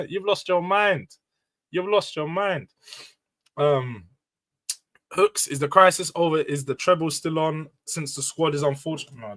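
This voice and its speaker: A high, bright-toned man hosts a casual football live stream. He is loud and emotional, going off on a rant before bringing the tone back down. His delivery stays animated and conversational. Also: poor audio. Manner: loud, emotional and animated, ranting then calming down. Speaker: livestream host.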